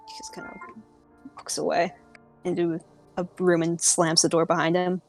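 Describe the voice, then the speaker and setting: Slow-talking woman game master, casual delivery, faint music behind. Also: lowish voice, level tone. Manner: casual, lots of filler words. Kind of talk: narrating a tabletop game.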